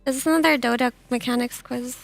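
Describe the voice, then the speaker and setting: A woman's voice: fairly high pitch, steady tone, fast talker, gravelly, soft background music. A woman panelist protesting indignantly during a live esports panel quiz.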